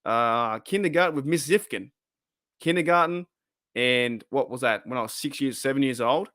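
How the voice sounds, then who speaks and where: A man's voice: mid-range voice, moderate pace, fairly bright tone, dry recording, clean studio sound. A man hosts a casual livestream, rambling and swearing as he answers chat, his voice wearing thin. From Australia. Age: 30s. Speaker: livestream host.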